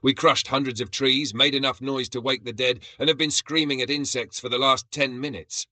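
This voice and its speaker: Weary, practical male alien grunt, flat and exasperated, husky tone, as a narrator puts him on. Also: medium pitch, moderate pace, no room sound, pitched above the performer's own voice. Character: dry, sensible alien soldier, male, tactical.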